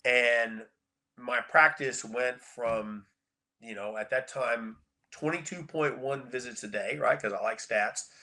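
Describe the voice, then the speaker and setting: A middle-aged man, a chiropractor guest on a podcast, telling stories in a casual, animated way and repeating words for emphasis. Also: medium pitch, slow pace. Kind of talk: casual storytelling interview.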